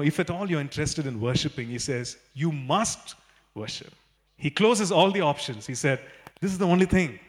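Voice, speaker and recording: A man preaching a sermon in an animated way, with many fillers and repeated phrases. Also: a little high.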